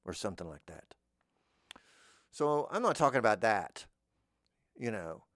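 A man hosting a podcast, musing in a meandering deadpan monologue that trails off into mumbles. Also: unhurried, dry recording, clean studio sound. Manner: jumps into high squeaky voices for imagined speakers. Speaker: podcast host. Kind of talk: rambling comic monologue.

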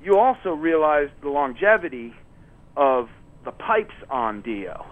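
A man's voice: on the high side, big pitch swings, unhurried. Man talking over a tinny phone line. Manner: rambling, many fillers and restarts. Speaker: touring musician guest. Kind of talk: casual storytelling interview.

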